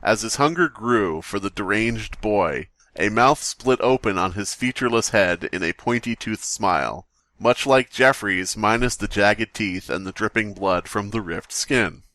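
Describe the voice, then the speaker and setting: A man's voice: on the low side, measured pace, bright, forceful tone, dry recording. A man co-hosting a comedy podcast, reading passages aloud and tossing in wry asides. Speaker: podcast co-host. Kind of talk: comedic read-aloud and banter.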